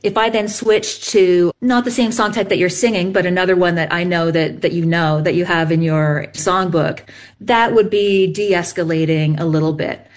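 A woman's voice: on the low side, fairly even intonation, moderate pace. A woman researcher patiently explaining bird behavior step by step in an interview. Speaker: bird song researcher guest.

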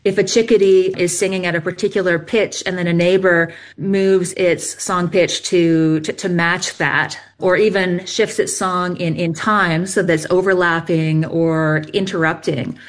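Woman scientist, kinda low voice, patient methodical explainer, interview answers. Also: fairly even intonation, unhurried, few pauses. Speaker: bird song researcher guest.

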